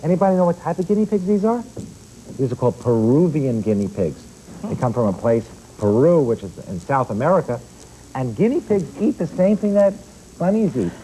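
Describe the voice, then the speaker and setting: A man's voice: on the high side, big pitch swings, brisk, warm tone, slight background noise, low-quality recording. A man appearing as a pet expert on a children's TV show, explaining animals and quizzing the children in the studio. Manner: explanatory, addresses children directly with questions.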